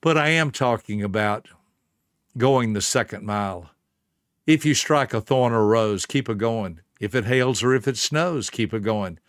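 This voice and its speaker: A man's voice: medium pitch, measured pace, no room sound, studio quality. A man telling a motivational story in an earnest, emphatic way and speaking straight to the listener.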